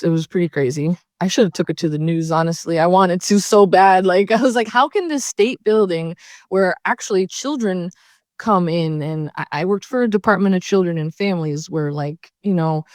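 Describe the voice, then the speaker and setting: Chatty young woman with a lowish voice. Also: dry recording, clean studio sound. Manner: chatty, animated when recounting, laughs often. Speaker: podcast guest, model. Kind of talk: casual interview chat.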